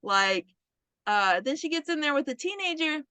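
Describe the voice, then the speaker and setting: A woman with a high, bright voice recaps a horror film for her podcast co-host, jumping into the characters' voices as she goes. She talks casually and swears freely. The recording is dry and close. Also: normal speed, no room sound. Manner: animated storyteller who acts out the characters' lines and swears freely. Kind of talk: casual chat, retelling a horror movie.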